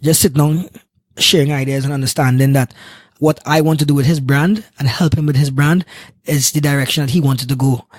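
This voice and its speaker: Animated Trinidadian man telling a story. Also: fairly high pitch, a little fast, dry recording, clean studio sound. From Trinidad and Tobago. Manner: animated, acts out the people in his story. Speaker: guest, sports marketing executive. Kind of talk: casual storytelling in a podcast interview.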